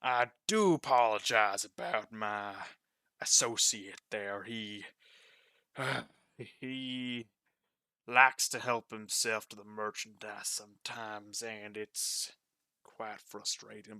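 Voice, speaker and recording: A man voicing a large male gem shop owner who bellows at his worker and speaks smoothly and politely to customers. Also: medium pitch, sharp tone, no room sound, studio quality, full character voice.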